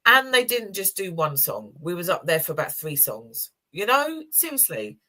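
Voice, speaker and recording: A very animated woman with a fairly low voice speaks at normal speed. In her sixties and co-hosting a community chat show, she tells personal stories in a casual, emotional, warm manner full of laughter.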